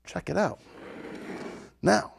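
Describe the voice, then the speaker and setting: A man hosting a home cooking video, talking casually and enthusiastically to his viewers, tasting his food and sometimes talking with his mouth full. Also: takes it slowly. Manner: chatty, enthusiastic, talks straight to viewers. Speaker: home cooking show host.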